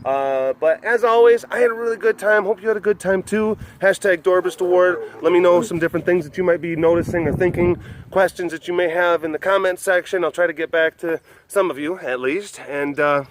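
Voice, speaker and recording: A man's voice: high-pitched, fairly quick. A man hosting his own vlog in a loose, rambling chat, often restarting sentences and laughing. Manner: rambling, self-interrupting, laughs easily. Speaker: vlog host. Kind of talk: casual chat to camera.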